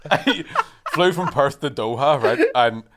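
A man, a guest comedian, telling animated, sweary stories in casual podcast chat and laughing as he goes. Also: medium pitch, measured pace. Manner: animated, sweary, often laughing mid-sentence.

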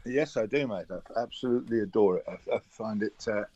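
An older man chatting as a radio guest, telling relaxed stories with a chuckle. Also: fairly low pitch, brisk, dry recording, dull audio. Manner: relaxed anecdotal storytelling, chuckling. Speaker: guest, former cricketer. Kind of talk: casual radio interview.

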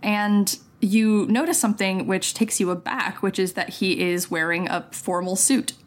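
A woman narrating a tabletop role-play as game master, in a gentle, measured way with frequent ums. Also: medium pitch, fairly even intonation.

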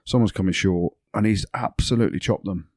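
A man with a low voice chats casually on a rugby podcast. He laughs a lot and tells stories with energy. The studio is dry and close. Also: a little fast, no room sound. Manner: laughs often, animated storytelling. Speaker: podcast co-host, rugby commentator. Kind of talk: casual chat.

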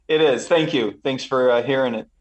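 A man's voice: mid-range voice, normal speed, rough recording. A man appearing as a podcast guest, speaking earnestly and steadily about politics. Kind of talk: casual interview talk.

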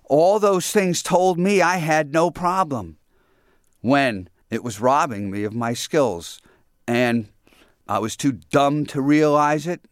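A man's voice: a little high, takes it slowly, dry recording, clean studio sound. An older man being interviewed, telling his story candidly and with regret. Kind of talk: reflective interview recollection.

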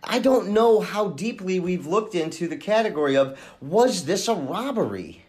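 A man hosting a true-crime podcast, thinking aloud in a halting way with many restarts as he talks through a case. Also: high voice, sing-song, a little mellow. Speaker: podcast host and case investigator.

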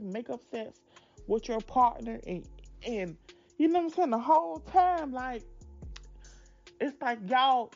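Sassy, animated woman in her twenties. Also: fairly high pitch, creaky, lo-fi sound. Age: 20s. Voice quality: sassy, blunt, profane. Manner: animated, emphatic, drawn-out asides. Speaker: vlogger. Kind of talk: candid casual chat to viewers.

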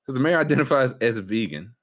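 A man's voice: mid-range voice, animated, fast, a bit bright. A man hosting a casual sports and news podcast, joking and riffing with his co-hosts. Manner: joking, riffs in bits. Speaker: podcast host. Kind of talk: casual chat.

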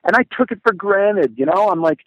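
A middle-aged man and podcast guest telling lively stories in a casual chat, acting out quotes and using many fillers. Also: sits high, brisk, dry recording, highs cut off. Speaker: podcast guest, motivational speaker. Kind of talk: casual storytelling.

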